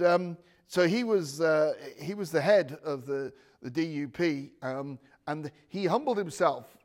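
A man preaching an informal sermon to a small room, chatty and digressive, with restarts and asides to his listeners. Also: fairly high pitch. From United Kingdom. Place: room with a live audience. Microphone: speaking without a handheld mic.

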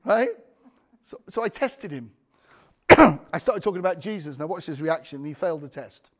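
A man's voice: fairly high pitch, lively intonation, normal speed. A man preaching a sermon, telling a personal testimony with frequent restarts and calls for amen. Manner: anecdotal, restarts often, calls for amens.

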